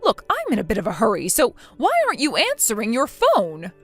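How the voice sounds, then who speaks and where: A synthetic woman's voice playing a spiteful, bossy older mother-in-law in a text-chat story, scolding with contempt and a lively pitch. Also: fairly quick, soft background music, full character voice. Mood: demanding.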